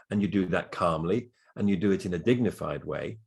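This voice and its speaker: Husky, measured male media consultant. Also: deep voice, darkish tone. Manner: measured, explanatory, with fillers and restarts. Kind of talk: advice in a recorded interview.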